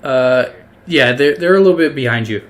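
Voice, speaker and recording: A man's voice: mid-range voice, expressive, normal speed. A man narrating a tabletop game as game master, casual and hesitant with many fillers.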